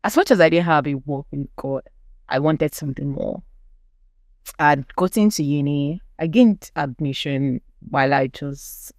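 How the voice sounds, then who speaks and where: A woman's voice: low-pitched, measured pace, a little mellow, no echo. Nigerian woman telling her story. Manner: earnest storytelling, acts out quoted people. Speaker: podcast guest. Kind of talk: personal testimony in conversation.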